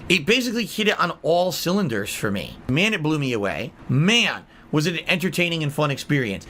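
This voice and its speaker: A man streaming a video game, ranting angrily and swearing heavily, lurching from loud outbursts to low grumbles. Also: big pitch swings, a little fast, a little hiss or hum. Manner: angry, profane ranting; swings between high outbursts and low grumbles. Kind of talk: gaming livestream commentary.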